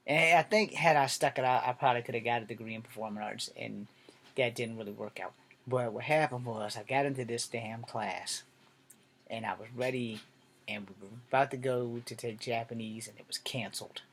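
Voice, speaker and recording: A man's voice: mid-range voice, brisk, fairly bright tone, slight background noise. Man, casual vlog storyteller, candid and rambling, profane, mid-range voice. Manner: candid, rambling, swears freely. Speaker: vlogger telling a personal story.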